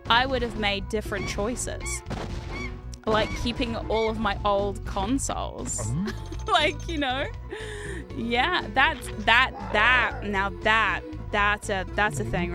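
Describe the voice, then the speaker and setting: A young woman streaming as a VTuber, chatting in a rambling, giggly way with sudden animated outbursts. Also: medium pitch. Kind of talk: casual chat while streaming retro games.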